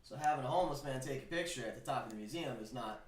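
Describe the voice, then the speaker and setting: A man's voice: medium pitch, rapid-fire, slight background noise. A man in his twenties co-hosting a sports betting show, telling stories in casual chat and swearing freely. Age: 20s. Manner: animated storyteller, swears and laughs while retelling. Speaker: sports betting podcast co-host. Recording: roomy, distant mic with faint ambience.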